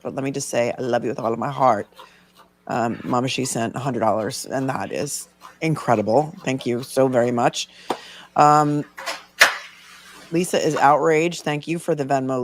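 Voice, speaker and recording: A woman hosting a live stream about a trial, chatting casually and thanking her viewers by name. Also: a bass voice. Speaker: live-stream legal commentator.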